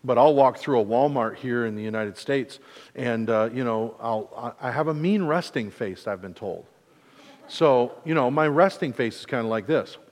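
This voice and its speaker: A pastor in his forties from mid-Michigan preaches a sermon in a casual, joking style, poking fun at himself and acting out quotes. His mid-range voice has a darkish tone and moves at a normal speed. The recording carries a big-room sound.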